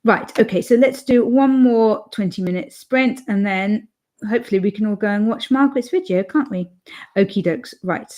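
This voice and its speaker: A woman's voice: mid-range voice, moderate pace, mellow. A young woman hosting an author livestream, chatting casually and reading viewer comments aloud, rambling with fillers and restarts.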